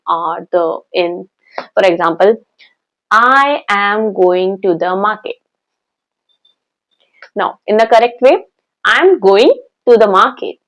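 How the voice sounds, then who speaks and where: Indian woman teaching English, slow and deliberate. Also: mid-range voice, darkish tone, low-quality recording. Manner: slow, deliberate teaching delivery with stressed examples. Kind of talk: online spoken-English lesson.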